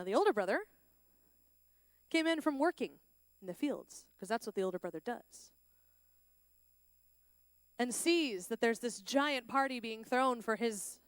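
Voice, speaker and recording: A woman giving a lively sermon at a school chapel, acting out the lines of the story's characters. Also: on the high side, clean tone, no echo, studio quality. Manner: animated, plays out the characters' lines. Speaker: chapel speaker.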